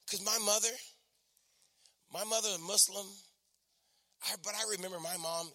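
A man preaching a sermon, exhorting with emphatic repetition and dropping to soft storytelling. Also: high-pitched, normal speed.

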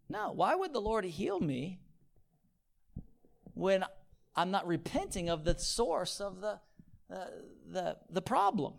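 Dynamic preacher, quiet to loud. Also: male voice, high-pitched, big pitch swings, takes it slowly, gravelly, long pauses. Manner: swings from quiet, near-whispered points to loud, pleading repetition; call-and-response, asking the audience for amens. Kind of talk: sermon.

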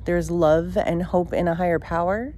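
An adult woman recounts a childhood memory in the present tense. Her voice sits on the low side and her delivery is halting and emotional, full of pauses, fillers and restarts as she works through the story. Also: steady tone, warm tone. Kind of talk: personal storytelling.

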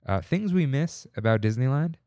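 A man's voice: medium pitch, normal speed, no echo, studio quality. A young man co-hosting a podcast, chatting casually and rambling through stories with quoted voices. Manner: rambling storyteller, animated quoting. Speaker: podcast co-host. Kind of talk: casual chat.

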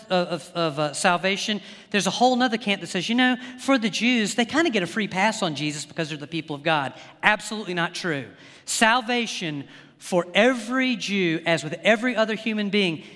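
A male pastor preaching a sermon with rising fervor, often stumbling over quick restarts as he gets worked up. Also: sits high, bright, forceful tone. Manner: impassioned, builds to fervor, rapid restarts. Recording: long hall reverb.

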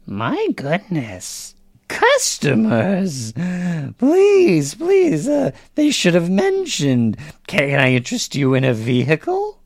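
A woman voicing a ragged, shriveled old female demon who sells junk vehicles, with a wheedling sales pitch. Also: wildly swooping pitch, slow pace, a little mellow, no echo, clean studio sound, heavily acted. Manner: wheedling salesy, high and strained.

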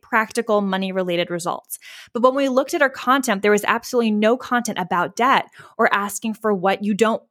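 A woman with a medium-pitched, slightly bright voice hosts a solo marketing podcast as a marketing coach. She talks candidly and chattily, swears casually, and acts out what her listeners might say.

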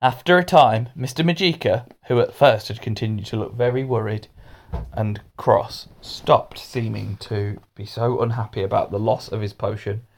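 A man reading a children's storybook aloud with expressive delivery. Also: lowish voice, moderate pace.

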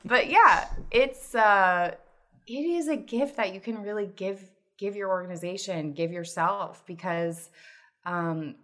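A woman guesting on a podcast with a bright, fairly low voice. She talks casually and laughs often. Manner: chatty, laughs easily. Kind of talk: casual chat.

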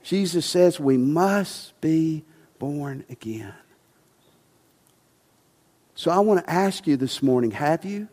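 Passionate pastor preaching in a reverberant hall. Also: male voice, a little high, expressive, slow, long pauses. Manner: emphatic, rising to passionate preaching then dropping soft. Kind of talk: sermon. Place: church sanctuary.

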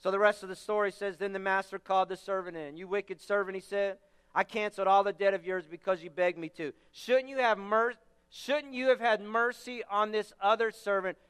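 A man's voice: high-pitched, fairly even intonation, fairly quick, fairly bright tone, clear, resonant tone, in a large hall. A man preaching a sermon as pastor, stressing his points by repeating phrases.

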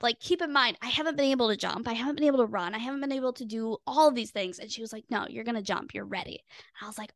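Young woman, podcast host, earnest personal story, bright higher voice, dry close sound. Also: rapid-fire, no echo. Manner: earnest and expressive, acts out her own past thoughts. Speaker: podcast host and weight loss coach.

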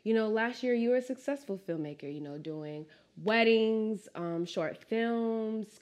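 A woman hosting a casual interview, talking with lively, emotional bursts. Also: mid-range voice. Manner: warm, emotional, animated bursts. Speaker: podcast host.

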